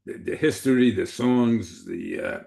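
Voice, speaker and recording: A man in his seventies from New York City, speaking in a relaxed, reminiscing way. His voice is low and gravelly with plenty of fry. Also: a little slow. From the Bronx, New York City. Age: 70s. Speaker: interviewee. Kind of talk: oral history interview.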